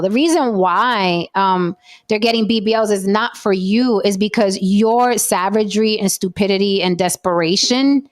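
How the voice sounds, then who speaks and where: A woman's voice: medium pitch, a little slow. A woman hosting a casual panel talk show, making her points with emphatic repetition. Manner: emphatic, repeats points for effect. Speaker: podcast host.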